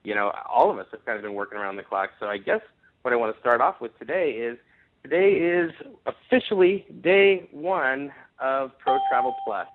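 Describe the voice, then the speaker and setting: A man hosts a network marketing conference call and gives an emphatic, upbeat sales pitch. His mid-pitched voice comes through a thin, tinny phone line. He often restarts his sentences as he pushes his points. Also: lively intonation, fast.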